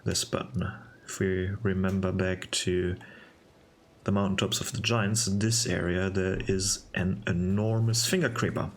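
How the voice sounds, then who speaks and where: Slow, low-voiced man musing over gameplay. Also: a little hiss or hum. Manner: relaxed, musing, with hesitant restarts. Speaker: game video narrator. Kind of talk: casual gameplay commentary.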